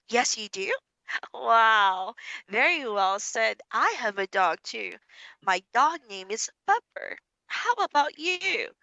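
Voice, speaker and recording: A young woman with a Filipino English accent teaching an online English lesson to a child, slow and encouraging, calling herself teacher. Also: medium pitch, pushed and bright, no room sound, lo-fi sound.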